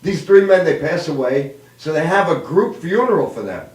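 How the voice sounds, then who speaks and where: A man's voice: a little high, lively intonation, moderate pace, darkish tone, far from the mic. A man in his fifties hosting a comedy show, telling old jokes and family stories and laughing at his own lines. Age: 50s. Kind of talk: stand-up joke telling. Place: live streamed show room. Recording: roomy, away from mic.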